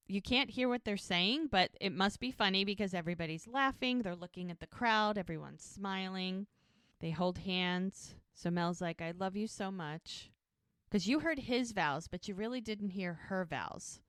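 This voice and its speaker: A woman's voice: medium pitch, lively intonation, moderate pace, a bit bright, clean tone, no echo, clean studio sound. A woman co-hosting a podcast, casually retelling a TV episode scene by scene, acting out the characters' lines and laughing often. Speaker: podcast co-host recapping a TV episode. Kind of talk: casual chat.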